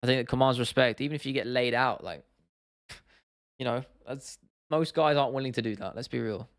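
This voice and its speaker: A young Englishman hosts a casual livestream, reading chat comments aloud and rambling with lots of restarts and laughter. His mid-range voice moves a little fast, and the audio is clean studio sound with no room tone.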